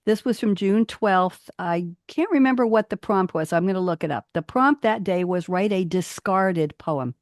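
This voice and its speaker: Animated woman reading poems aloud. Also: normal speed, hardly any pauses, no room sound, studio quality. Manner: animated, rising pitch on emphatic phrases. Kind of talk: casual chat and poetry reading.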